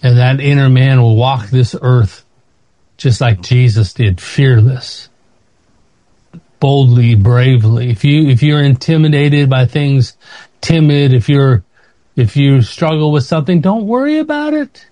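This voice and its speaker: Warm-voiced man preaching a sermon. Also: steady tone, a little slow, no room sound. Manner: emotional testimony, voice rising high when pleading.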